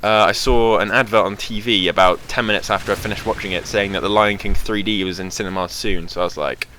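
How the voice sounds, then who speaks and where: A man's voice: lowish voice, steady tone, quick pace, sharp tone, slight background noise. A young man chatting casually over gameplay footage as host of his gaming channel, rambling with lots of fillers. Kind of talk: casual game commentary.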